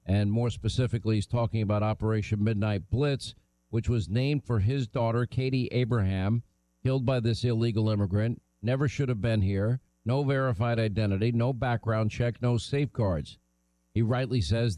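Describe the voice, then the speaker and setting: A middle-aged man hosting a talk radio show, brisk and opinionated as he interviews a guest. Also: lowish voice, warm tone, no room sound, low-quality recording.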